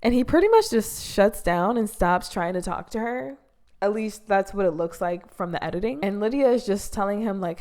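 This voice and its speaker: A woman's voice: mid-range voice, expressive, normal speed, a little mellow. A young woman casually recapping a reality show episode, talking in a loose, exasperated way and leaning heavily on "like". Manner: exasperated, heavy use of "like".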